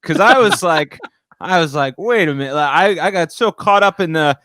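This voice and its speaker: A man in casual podcast banter, excitable and often laughing as he talks. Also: fairly high pitch, moderate pace, no echo, studio quality. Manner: lively, laughing, excitable chatter. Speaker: podcast co-host. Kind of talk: casual chat.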